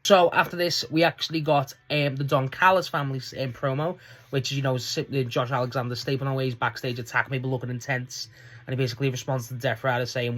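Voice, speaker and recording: A man's voice: medium pitch, fairly quick, a bit bright. Rambling man reviewing wrestling. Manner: rambling, swears often, laughs at the show. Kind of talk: casual solo review.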